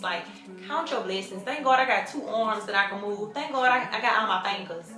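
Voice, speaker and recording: Bright, blunt woman in her twenties. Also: medium pitch, fairly quick, roomy sound, faint music behind. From Mobile, Alabama, US. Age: 20s. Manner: blunt, profane, conversational. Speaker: vlogger. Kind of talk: casual Q&A storytelling.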